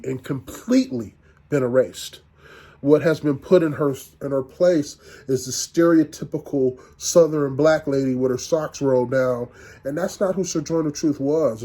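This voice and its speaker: A middle-aged man giving a university lecture in a conversational, halting way, with frequent restarts and fillers. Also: mid-range voice, dark tone.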